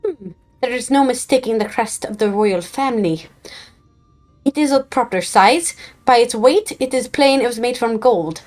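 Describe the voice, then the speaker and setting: A stately female forest chieftainess speaks with measured, formal grace, as a woman reads the game lines in a put-on accent. The voice sits a little high, with faint game music underneath. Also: natural voice. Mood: gracious. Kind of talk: reading game dialogue aloud in character.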